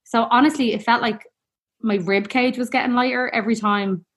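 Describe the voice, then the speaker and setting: A woman's voice: a little high, steady tone, a little fast. A woman telling a personal story in a casual, rambling, heartfelt way. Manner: chatty, rambling, heartfelt, peppered with "like".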